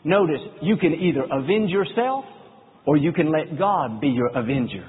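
A man preaching a sermon, telling stories earnestly and slowing down when he quotes scripture. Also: fairly high pitch, expressive, husky. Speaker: pastor. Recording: phone-like sound with long hall reverb.

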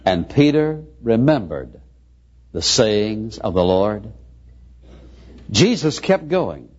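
A man preaching a sermon, swinging between quiet asides and emphatic rising lines. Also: on the low side, sing-song, slow. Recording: dull lo-fi recording.

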